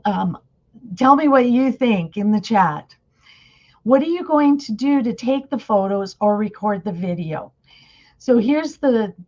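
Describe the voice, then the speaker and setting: A woman's voice: mid-range voice, a little mellow, dull audio. A woman giving a casual webinar talk over a video call, chatty and often asking her listeners questions. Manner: chatty, asks the audience questions. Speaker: conference presenter.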